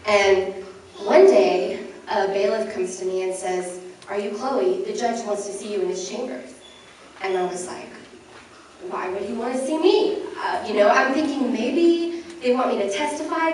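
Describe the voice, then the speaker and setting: A woman's voice: on the high side, a little hiss or hum. A young woman giving a candid, self-deprecating personal talk on stage as a journalist, laughing lightly between phrases. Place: event hall before an audience. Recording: very echoey hall, mic from some distance.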